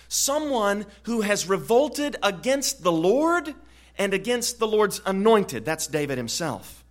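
A man preaching an expository sermon in an earnest way, often repeating words and growing louder on key points. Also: on the high side. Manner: earnest, frequent word repetitions, swells louder on key points.

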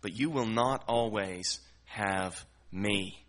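A man voicing a calm, authoritative teacher, quoting his words in a lower, measured, gentle tone.

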